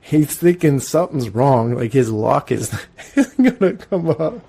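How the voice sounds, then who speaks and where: A Canadian man in his forties, a podcast host telling casual, profane stories in an animated way. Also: fairly high pitch, a little slow, creaky, slightly rough. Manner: animated, profane, storytelling with acted-out quotes. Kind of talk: casual storytelling monologue.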